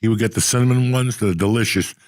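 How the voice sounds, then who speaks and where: A middle-aged man telling profane stories in a casual, animated way, acting out the people he quotes. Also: lowish voice, fast, no room sound, clean studio sound. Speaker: podcast host. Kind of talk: casual storytelling.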